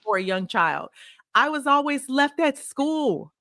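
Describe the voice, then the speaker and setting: A woman guest on a podcast, telling personal stories in a casual, animated way and acting out remembered dialogue. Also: high-pitched, measured pace, dry recording. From Illinois, USA. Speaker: podcast guest, consulting firm CEO. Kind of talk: casual interview storytelling.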